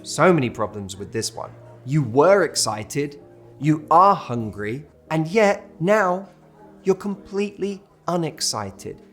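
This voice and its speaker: A dating coach with a British accent talks straight to camera, offering relationship advice and telling a story to make his point, even acting out the waiters he quotes. His voice sits on the high side, very animated and fairly bright, and he takes it slowly. Faint music plays behind him.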